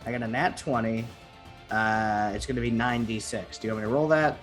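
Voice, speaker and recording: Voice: mid-range voice, a little fast, faint music behind. A playful player in a tabletop game who asks about the rules and laughs along. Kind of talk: casual tabletop play.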